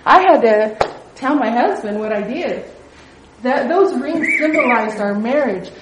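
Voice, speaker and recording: A woman's voice: on the high side, expressive, a little slow, background noise. A middle-aged woman leading a Bible study, telling a personal testimony in an earnest, conversational way. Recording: echoey room.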